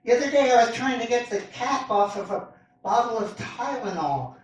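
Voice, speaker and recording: A man doing a stand-up comedy set on a club stage, with a halting, meandering delivery and lively pitch swings. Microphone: far camera in the audience. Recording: echoey club recorded from far off. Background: audience laughter.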